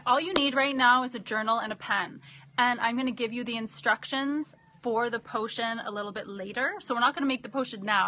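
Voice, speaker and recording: A woman's voice: on the high side, bright, forceful tone, a little hiss or hum. A woman hosting a live online circle, gushing and spiritual, chatting to viewers and reading out their comments. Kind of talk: live video stream chat.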